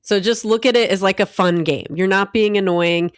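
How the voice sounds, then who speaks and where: A woman's voice: mid-range voice, fairly even intonation, normal speed, clean tone, dry recording, studio quality. A woman co-hosting a podcast in casual chat, upbeat and encouraging. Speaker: podcast co-host.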